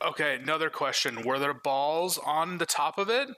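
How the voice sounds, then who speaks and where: Bright-toned man on a comedy movie podcast, a dry guest asking questions. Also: a little high, moderate pace. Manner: dry, asks pointed questions. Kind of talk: casual comedy movie chat.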